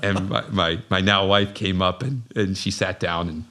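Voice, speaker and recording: A middle-aged man telling stories in a casual podcast chat, animated, acting out his own past lines. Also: low-pitched, normal speed. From Minnesota, USA. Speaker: podcast guest, business owner.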